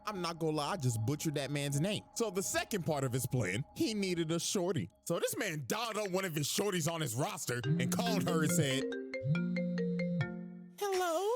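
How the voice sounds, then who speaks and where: A man's voice: on the high side, very animated, a little fast, few pauses. A man comically retelling an anime plot, full of crude slang. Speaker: storyteller of a video recap. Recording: music underneath. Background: background music.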